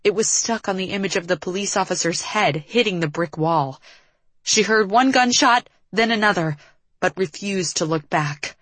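A woman reading a tense action story aloud as an audiobook narrator, in a steady storytelling manner. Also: medium pitch, moderate pace, dry recording. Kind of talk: scripted narration.

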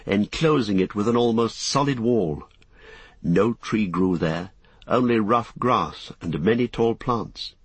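A man narrating an audiobook in a measured, descriptive reading. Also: on the low side, slightly rough, dry recording.

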